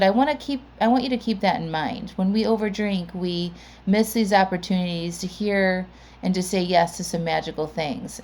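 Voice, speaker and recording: Chatty lower-voiced woman podcast host. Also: darkish tone. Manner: conversational, with frequent "like" and "right?". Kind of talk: chatty podcast intro monologue.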